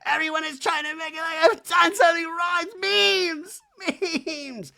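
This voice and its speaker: A man voicing a weepy, defensive adult woman reality star in a whiny, high-pitched voice. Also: steady tone, measured pace, creaky, bright, forceful tone, heavily acted. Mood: tearful.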